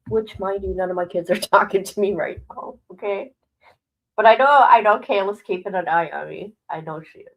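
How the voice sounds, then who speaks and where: On a casual livestream, a middle-aged woman host talks frankly and bluntly to viewers, holding nothing back and laughing often. Her voice is moderately pitched for a woman, at normal speed, on a low-quality recording.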